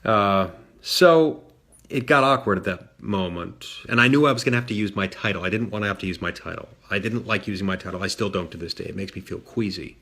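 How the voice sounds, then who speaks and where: A man's voice: lowish voice, a little fast, fairly bright tone, husky. A man serving as a senator, telling a story in a dry, self-deprecating way with frequent fillers and restarts. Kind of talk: storytelling talk.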